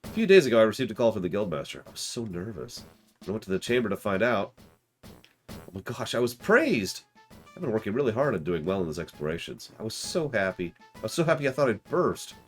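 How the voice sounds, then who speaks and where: Man voicing a bubbly girl apprentice, excitable, gushing, lively swoops, game dialogue. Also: fairly low pitch, a little fast, faint music behind. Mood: excited. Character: cheerful young female flower apprentice, excitable. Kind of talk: game dialogue read aloud on stream.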